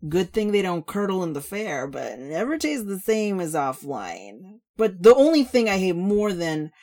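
A woman's voice: mid-range voice, big pitch swings, moderate pace, pitched above the performer's own voice. A woman reading a story, voicing a brash, drunken young woman who slurs and hollers. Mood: drunken rant. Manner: slurring, loud, hollering.

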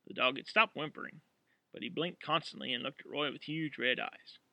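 A man narrating an audiobook in an expressive, dramatic way. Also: mid-range voice, a little fast, gravelly, no room sound.

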